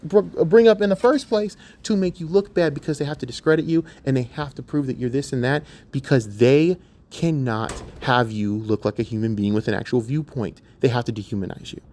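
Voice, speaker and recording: A man's voice: medium pitch, fairly quick, warm tone. A man hosting a commentary channel, ranting with heated, taunting profanity. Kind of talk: angry rant to camera.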